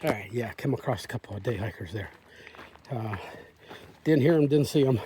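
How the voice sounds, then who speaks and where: A man's voice: medium pitch, expressive, a little fast, a little hiss or hum. A man vlogging while hiking a forest trail, rambling casually into a phone he holds in his hand. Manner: rambling, chatty, talks softly to deer. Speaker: hiker vlogger. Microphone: phone held in hand.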